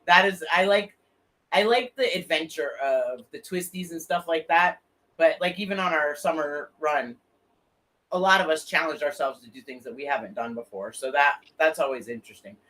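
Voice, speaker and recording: A woman hosting a casual motorcycle talk show, telling lively stories and swearing freely. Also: sits low, normal speed. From Florida. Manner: animated storyteller, swears freely. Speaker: podcast host. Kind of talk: casual chat.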